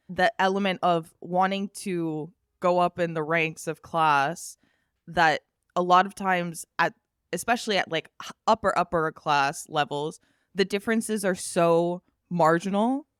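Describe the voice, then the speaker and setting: A relaxed American woman chatting as a podcast guest, quick to laugh. Her voice is smooth and clear, with a dry, close sound. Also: lowish voice, no room sound. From United States. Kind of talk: casual podcast chat.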